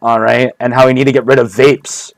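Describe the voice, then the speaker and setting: A man's voice: medium pitch, little pitch movement, brisk, vocal fry, dry recording. A man rambling through a mock-serious comedic monologue, repeating himself often, in a streaming style.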